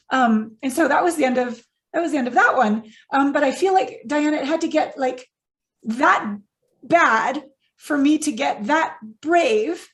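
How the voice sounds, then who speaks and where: A podcast host, a woman with a fairly high voice, speaks earnestly and sounds close to tears. She opens up in a heartfelt conversation, affirming her guest as she goes. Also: moderate pace. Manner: earnest, tearful, affirming listener. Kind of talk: emotional interview conversation.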